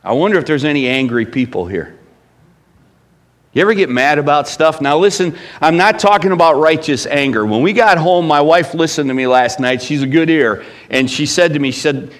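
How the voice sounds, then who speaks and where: A middle-aged man preaching a sermon as pastor, emphatic, swinging between loud bursts and hushed lines. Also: mid-range voice, lively intonation, brisk.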